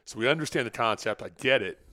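Male co-host, rapid and wry, fairly low voice, dry studio sound. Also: sharp tone, dry recording. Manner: brisk, quick questions and wry teasing. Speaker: podcast co-host. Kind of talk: casual podcast chat.

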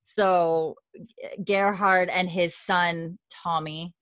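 A young woman casually recapping a TV episode, laughing often and slipping into quick voices for the characters. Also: lowish voice, no room sound. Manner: animated, laughing, acts out characters' lines in quick put-on voices. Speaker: podcast host recapping a TV episode. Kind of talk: casual chat.

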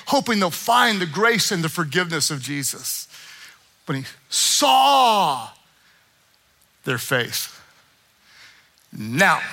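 Male pastor, high and very bright voice, preaches with call-and-response. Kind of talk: sermon. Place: church sanctuary with congregation.

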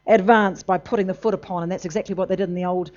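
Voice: fairly even intonation, rapid-fire. Emphatic preacher on a dull, lo-fi recording. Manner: emphatic, swings between loud bursts and low intensity. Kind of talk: sermon.

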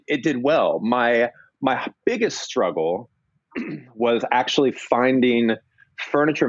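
A man with a fairly low voice recounting his business past in a loose, rambling way, often restarting and acting out what others said. The sound is dry and a bit dull, like a modest lo-fi setup. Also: dry recording. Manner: rambling, restarts, acts out quoted people. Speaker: entrepreneur guest. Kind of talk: casual storytelling interview.

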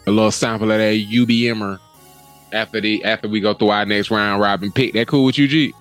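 A young adult man co-hosting a podcast, telling animated stories in casual chat, laughing often and swearing freely. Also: fairly low pitch, brisk, faint music behind. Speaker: podcast co-host.

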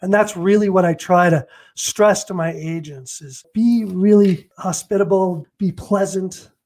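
A man's voice: high voice, a little slow, a little mellow. A man in his fifties, a real estate agent and coach, telling stories in an interview and acting out phone calls and quotes. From Los Angeles. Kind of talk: interview guest, storytelling.

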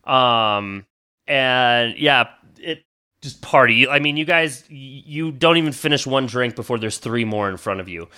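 A man narrating as game master in a tabletop game, laid-back and joking, switching quickly into character voices. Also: medium pitch, animated, bright, forceful tone, smooth.

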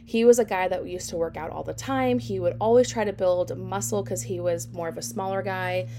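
A woman's voice: on the low side, fairly quick, warm tone, a little hiss or hum. A woman in her thirties hosting a podcast, telling her personal story in a candid, reflective way with frequent fillers. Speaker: podcast host.

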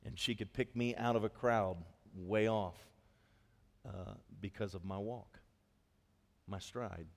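A man preaching a sermon as pastor, telling a story in a lively, conversational way with quick asides. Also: on the low side, gravelly, big-room sound. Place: church hall.

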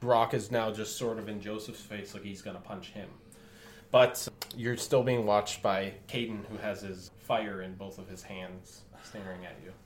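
A man's voice: lowish voice, fairly even intonation, moderate pace, a little hiss or hum. A man narrating a tabletop game as game master, casual and laughing easily. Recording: roomy room, faint music.

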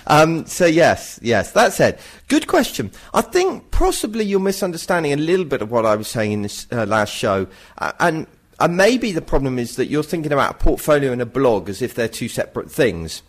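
A man's voice: mid-range voice, very animated, moderate pace, hardly any pauses. A middle-aged man co-hosting a casual podcast, chatty and self-mocking, with teasing mock rants. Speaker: podcast co-host.

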